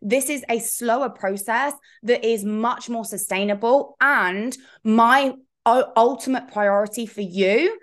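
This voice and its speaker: A woman's voice: a little high, unhurried. A woman hosting a solo coaching podcast, talking frankly and chattily, wandering into asides and swearing playfully. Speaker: fitness coach and podcast host. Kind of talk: casual solo podcast chat.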